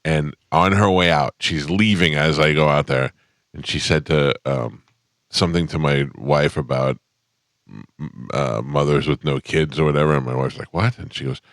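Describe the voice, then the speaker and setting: A middle-aged man hosting a morning radio show, telling stories in casual studio banter and getting animated when excited. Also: a bass voice, normal speed, no room sound.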